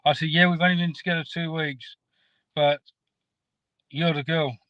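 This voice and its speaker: A man tells his story in a rambling, halting way, his voice sitting a touch high for a man. He talks over a video call that sounds dull and lo-fi. The sound is dry and close. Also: steady tone, dry recording. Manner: halting, rambling, restarts often. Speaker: guest caller. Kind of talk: casual storytelling chat.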